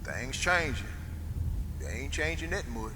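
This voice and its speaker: A man's voice: medium pitch, lively intonation, a little slow, background noise, lightly acted. A man playing a patient, plain-spoken older chauffeur on stage. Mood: indignant. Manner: plain-spoken, dialect speech, firm and coaxing. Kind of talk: live stage play. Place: theater stage. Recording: stage play in a reverberant auditorium.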